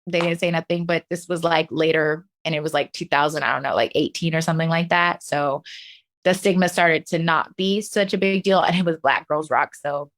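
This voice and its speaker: A woman with a lowish voice, speaking as a guest in a relaxed interview. She tells her stories in an animated way, breaking into laughs and acting out the voices of people she quotes. She talks like a seasoned professional dancer. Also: a little fast. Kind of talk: casual interview storytelling.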